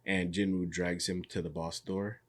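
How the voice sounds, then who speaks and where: A man with a somewhat low voice chats casually on a podcast, recapping a show scene by scene. He drops into quick impressions of the characters as he goes, then slides back into relaxed storytelling. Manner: animated storyteller, acts out characters' lines. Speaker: podcast co-host. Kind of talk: casual chat recapping an anime episode.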